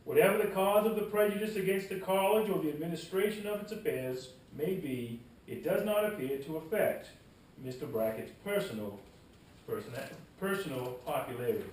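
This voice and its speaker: Casting: man putting on a stately Southern gentleman chronicler from the 1800s, declamatory, echoey hall sound. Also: a little high, animated, moderate pace, slight background noise, voice pushed up, lightly acted. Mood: formal. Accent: American Southern, put on. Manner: formal, declamatory reading of an old document. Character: 19th-century Southern male chronicler, formal and measured. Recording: echoey room, voice from far off.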